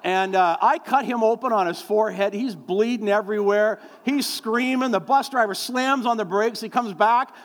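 A middle-aged male pastor with a high voice delivers a folksy, rambling sermon full of fillers. He acts out the voices of the people in his stories. The sound has a long hall reverb. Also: moderate pace, few pauses, slight background noise. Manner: folksy storytelling with many fillers, acting out quoted voices.

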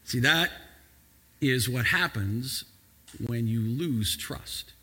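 A man preaching a sermon as a pastor, moving from quiet, measured passages to loud, shouting emphasis. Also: medium pitch, slightly rough, in a large hall.

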